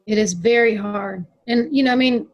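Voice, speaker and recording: A middle-aged woman in casual conversation, speaking earnestly and slowing down on words she wants to stress. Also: on the high side, highs cut off. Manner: earnest, emphatic, slows down for emphasis. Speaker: guest.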